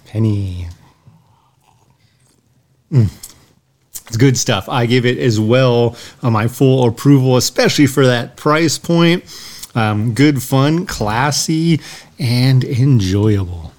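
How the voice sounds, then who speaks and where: A man's voice: medium pitch, takes it slowly, long pauses, darkish tone. A man co-hosting a casual podcast, describing a scotch's taste in lingering, descriptive detail. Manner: lingering, descriptive tasting talk. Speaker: podcast co-host. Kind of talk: casual chat.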